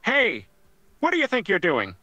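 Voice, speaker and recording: A man's voice: high-pitched, wildly swooping pitch, normal speed, bright, forceful tone, dry recording, muffled recording, full character voice. A text-to-speech voice playing a grumpy older man who scolds and bosses people around. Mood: scolding. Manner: scolding, bossy and easily annoyed. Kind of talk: text-to-speech chatbot character.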